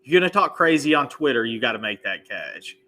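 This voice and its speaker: A man with a lively, swinging pitch and a bright, sharp tone talks football with a friend. He throws out questions and theories in a casual, animated way. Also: a little fast. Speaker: firefighter friend and co-watcher. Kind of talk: casual sports chat.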